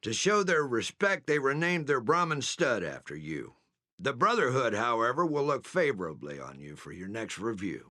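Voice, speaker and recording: An actor playing a formal male military commander who delivers a measured, official debriefing. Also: medium pitch, very animated, pushed and bright, dry recording, clean studio sound.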